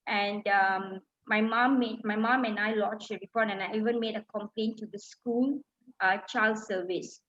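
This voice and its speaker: A woman's voice: mid-range voice, fairly even intonation, moderate pace, fairly bright tone. A middle-aged woman from Malaysia telling a personal story in a talk, emotional and full of fillers and restarts. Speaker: speaker. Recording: dull lo-fi sound.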